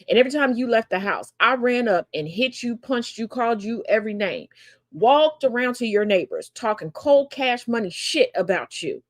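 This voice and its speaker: A woman with a fairly high voice gives casual political commentary on her own daily stream. She talks with sass and sarcasm, laughs a lot, and mocks the people she quotes.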